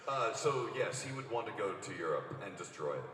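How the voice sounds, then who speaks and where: A man's voice: lowish voice, big pitch swings, a little fast, a bit bright. A man on a convention panel answering a fan's question with amusement. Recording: echoey convention hall, distant PA mic. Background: audience crowd.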